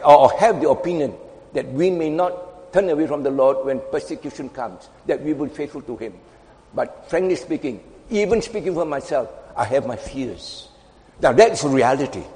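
A man preaching a sermon, swinging between hushed asides and loud emphatic lines as he quotes scripture. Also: a little high, lively intonation, moderate pace. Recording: long hall reverb.

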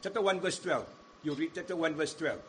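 A man preaching with a high voice, swinging between loud emphatic cries and low, quiet stretches as he quotes scripture. A faint hiss of noise sits behind him. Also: expressive, fairly quick. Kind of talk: sermon.

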